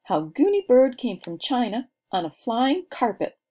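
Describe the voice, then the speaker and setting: A woman's voice: fairly high pitch, sing-song, a little slow, mellow, voice pushed up. A woman voicing a poised, commanding second-grade girl who tells theatrical stories to her class. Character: bossy, confident second-grade girl storyteller.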